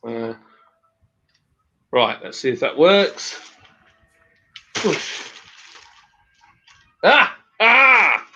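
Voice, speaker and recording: A man's voice: medium pitch, lively intonation, very slow, pauses often, noisy background. A man hosting a casual live stream, chatting with a friend, joking and reading out viewer comments. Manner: chatty, jokey, rambling.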